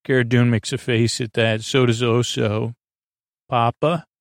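Guy rambling thru a show recap, gravelly voice, pretty flat delivery. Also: mid-range voice, normal speed, dry recording, clean studio sound. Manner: rambling, filler-heavy retelling. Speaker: podcast host. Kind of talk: casual episode recap.

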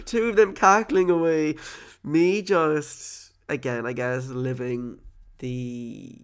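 A man's voice: medium pitch, moderate pace. A young Irish man hosting a podcast, telling a story in a dramatic, self-mocking and sweary comic monologue. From Ireland. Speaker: podcast host.

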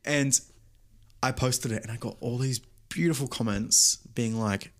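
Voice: mid-range voice, measured pace. A young podcast host chatting casually, full of slang and "like" fillers. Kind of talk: casual chat.

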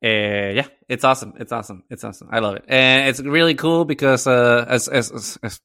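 A man's voice: mid-range voice, fairly even intonation, brisk, sharp tone, clear, resonant tone, no echo. A man co-hosting a podcast in casual chat, enthusiastic and swearing freely. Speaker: podcast co-host. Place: lives in Chicago.

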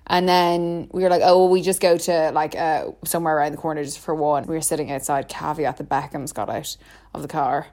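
This young woman co-hosts a podcast and casually tells a long story, laughing often and filling her speech with "like." Her deep, slightly mellow voice keeps fairly even intonation at a fairly quick pace.

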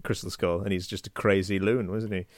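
A man with a fairly low voice rambling hesitantly through film chat, full of restarts and fillers. The recording is dry and close, with no room sound. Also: little pitch movement, a little fast, no echo. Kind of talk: casual chat.

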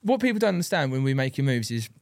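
A man's voice: mid-range voice, sing-song, rapid-fire, dry recording, studio quality. A young man hosting a casual podcast chat, joking and laughing often while egging his guest on. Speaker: podcast host.

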